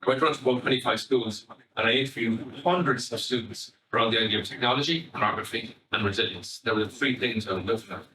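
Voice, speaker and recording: A middle-aged Irish man, a family psychotherapist, giving an animated, conversational public talk and swearing casually. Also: mid-range voice, fast talker, echoey room, distant mic, rough recording. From Ireland.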